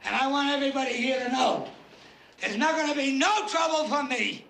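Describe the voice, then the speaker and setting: Gravelly, bright-toned old mob boss, drunk and ranting. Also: male voice, extremely high pitch, a little fast, heavily acted. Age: older. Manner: blustering, ranting. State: a little drunk. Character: older drunk mob boss, belligerent and aggrieved. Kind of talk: film drama acting.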